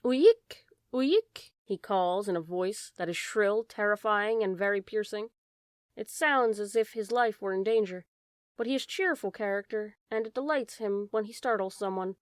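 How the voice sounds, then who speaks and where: A woman reads a classic storybook aloud in a calm, measured way. Her voice sits in a middle register and is recorded dry and close, with no room sound. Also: mid-range voice, clean tone, dry recording. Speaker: audiobook narrator. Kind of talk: storybook reading.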